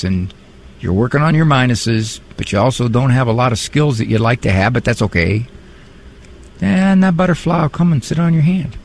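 Brief: middle-aged male radio host, gravelly voice, wry monologue. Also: medium pitch. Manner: conversational, wry, preachy asides. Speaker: radio call-in host and psychologist.

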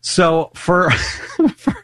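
A man's voice: fairly high pitch, extremely slow, no echo, studio quality. A middle-aged man co-hosting a radio talk show, chatting casually and mocking himself with frequent laughter. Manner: animated, laughing often, self-mocking. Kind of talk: casual chat.

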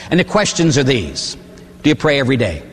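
An older man, a priest, preaching a sermon with animated storytelling, acting out the people he talks about. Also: mid-range voice, fairly quick, husky. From Pittsburgh area, USA. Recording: long hall reverb.

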